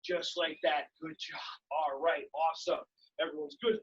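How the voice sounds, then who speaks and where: A woman's voice: low voice, moderate pace, far from the mic, highs cut off. A woman leading children through an animal movement game, cheerful and coaching, with playful animal sounds.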